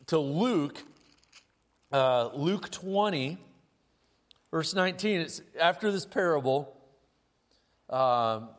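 A man preaching a sermon, telling the story in a casual, animated and humorous way. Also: a little high. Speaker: pastor. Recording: long hall reverb.

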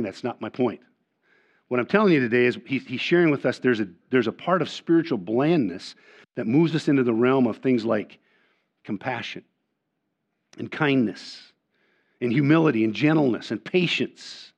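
An older man delivers a sermon as pastor, his pitch sitting in an ordinary middle range. He repeats and restarts words, alternating emphatic punches with quiet asides. The recording is dull and lo-fi, as if captured in a church sanctuary. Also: lively intonation, moderate pace. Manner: earnest preaching with frequent repeated words and restarts; swings between loud emphatic lines and quiet asides.

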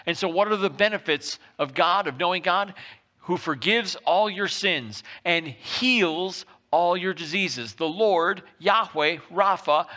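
A man's voice: fairly high pitch, pushed and bright. A man preaching a sermon in a church worship center, emphatic and repetitive, stretching out key phrases. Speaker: pastor.

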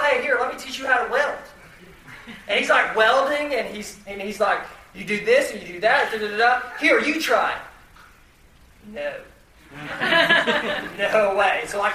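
Recorded from a distance in an echoey room with faint background noise, a man chats to an audience through a self-deprecating story of his own, stumbling over fillers and restarts. His voice is very high-pitched, pushed and bright.

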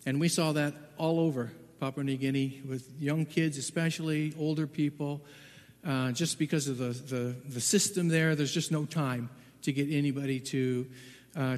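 A man telling a personal testimony as a Bible translator, halting and repeating words, then growing urgent and loud at the tense parts. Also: mid-range voice, fairly even intonation, big-room sound.

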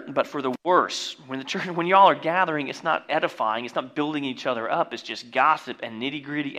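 A man preaching a sermon, reading scripture and breaking into jokey asides and loud exclamations. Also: medium pitch. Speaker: pastor.

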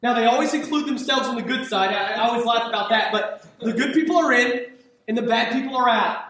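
A man's voice: very high-pitched, brisk, a bit bright, a little hiss or hum. A man preaching a sermon as pastor, in a conversational, emphatic way with frequent repeats and restarts. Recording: echoey hall, speaker far from the mic.

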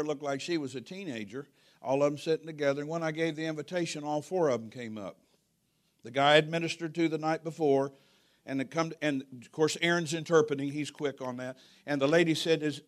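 A man preaching a sermon in a church, telling a story with jokes and swinging from hushed to loud. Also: on the high side.

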